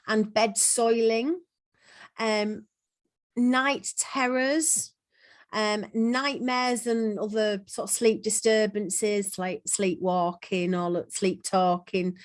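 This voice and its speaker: A woman, a hypnotherapy trainer, talking casually to a group over a video call, with plenty of ums and restarts. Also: medium pitch. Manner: chatty, frequent ums and restarts. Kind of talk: casual teaching talk. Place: online peer supervision call.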